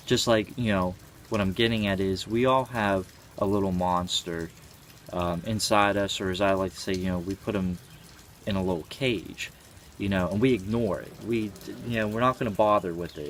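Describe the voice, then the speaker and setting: A man's voice: on the low side, slight background noise. A man in his twenties giving a reflective personal monologue, speaking earnestly and thinking aloud with frequent hesitations. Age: 20s.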